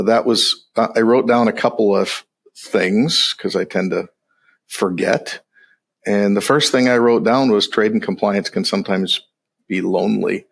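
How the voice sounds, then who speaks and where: A middle-aged man from the United States, a podcast guest in casual chat, easygoing and halting with many fillers. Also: lowish voice, creaky, breathy edge.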